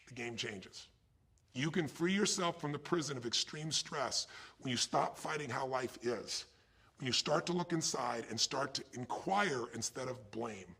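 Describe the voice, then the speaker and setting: A man's voice: on the high side, vocal fry, a bit bright, breathy edge. A middle-aged man giving a motivational talk, emphatic and firing questions at his listeners. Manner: emphatic, poses questions to the audience. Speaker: motivational speaker.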